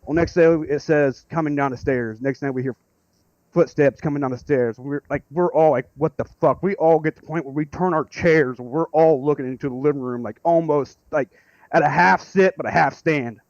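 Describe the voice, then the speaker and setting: Excitable guy calling in, swears a lot, kinda high voice, dry muffled line. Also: normal speed, no echo. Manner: rambling, excitable, swears freely. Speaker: caller. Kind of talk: casual storytelling.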